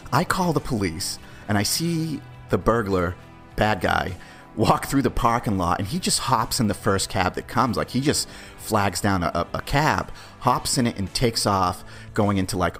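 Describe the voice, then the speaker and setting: Podcast host, man, lowish voice, brash and swearing, faint music behind. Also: fairly bright tone. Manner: brash, profane, conversational. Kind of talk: casual storytelling.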